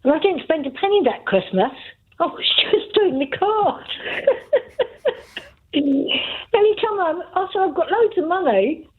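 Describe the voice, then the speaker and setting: A woman's voice: very high voice, animated, unhurried, long pauses. An older Englishwoman calling a radio show, telling a story in a chatty way with laughs. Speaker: radio caller. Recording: tinny phone line.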